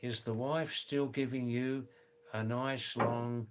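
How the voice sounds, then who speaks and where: An older man with an accent between British and Australian, a retired nurse chatting on a live stream slowly and deliberately. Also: mid-range voice, steady tone, very noisy. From England, raised in Australia. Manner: slow, deliberate, with many fillers. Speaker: livestream host, retired nurse. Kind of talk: casual live-stream chat.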